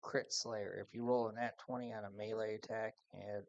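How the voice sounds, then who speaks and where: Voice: medium pitch, level tone, moderate pace. A player in a tabletop game, chatting in a laid-back, joking way. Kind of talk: casual tabletop game chat. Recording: dull lo-fi sound.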